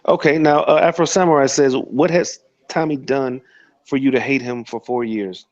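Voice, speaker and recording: A man's voice: mid-range voice, fairly even intonation, moderate pace, dull audio. A man in a heated online voice chat who mocks and insults the other speaker with sarcasm. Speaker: debate participant.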